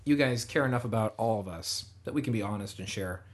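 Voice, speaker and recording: Podcast guy, kinda low and husky, jokey chatty vibe. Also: fast talker. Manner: jokey, chatty, reads listener emails. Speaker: podcast co-host. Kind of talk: casual chat.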